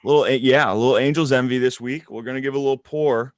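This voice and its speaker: A man's voice: medium pitch, fairly even intonation, quick pace, no echo. Laid-back man co-hosting a podcast. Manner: laid-back, joking banter. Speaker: podcast co-host, coach. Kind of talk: casual chat.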